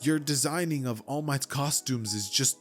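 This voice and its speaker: A man's voice: mid-range voice, normal speed, faint music behind, lightly acted. Man voicing an eager teen boy hero. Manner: excited, gushing.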